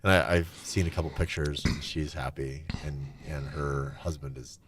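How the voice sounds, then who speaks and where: A middle-aged man telling his own story candidly and reflectively, his voice often trailing off soft and low. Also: fairly even intonation, moderate pace, background noise. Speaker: guest.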